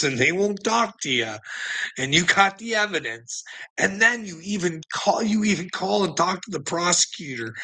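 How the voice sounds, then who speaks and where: Profane, laughing man with a bright voice. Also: high-pitched. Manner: profane, laughs between lines, talks to viewers as Pitbulls. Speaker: channel host. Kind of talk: rambling monologue vlog.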